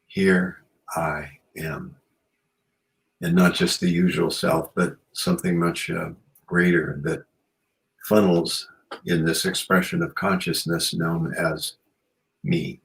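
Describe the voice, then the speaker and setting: A man's voice: deep voice, flat delivery, slow pace, creaky, pauses often, poor audio. A man hosting a radio show, chatting in a rambling, reflective way with many "you know"s. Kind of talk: casual chat.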